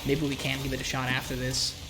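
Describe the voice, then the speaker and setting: A man's voice: medium pitch, completely flat delivery, quick pace, noisy background. A male streamer with a nasal, congested voice, casually rambling and joking at himself while commentating a live game. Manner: casual, rambling, self-mocking. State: congested, coughing.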